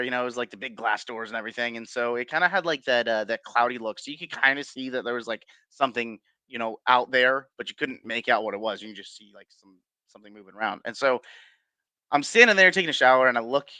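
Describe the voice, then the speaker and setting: A man on an interview show tells his stories in a loose, rambling way, full of ums and restarts, and chuckles along as he goes. His voice is bright and forceful, and the recording is dry and close. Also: medium pitch, no echo. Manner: rambling, many fillers and restarts, chuckles while telling. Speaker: guest paranormal investigator. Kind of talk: casual storytelling interview.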